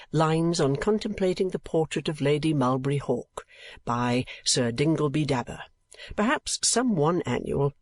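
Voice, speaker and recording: A man reading a classic novel aloud as an audiobook narrator, in a measured, expressive way. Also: mid-range voice, dry recording.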